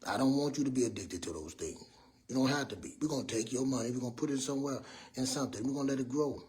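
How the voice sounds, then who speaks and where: A man in his fifties giving a rambling, preachy motivational talk as a mentor, loud and earnest. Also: mid-range voice, racing, slight background noise. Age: 50s. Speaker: mentor speaking to young people. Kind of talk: motivational monologue.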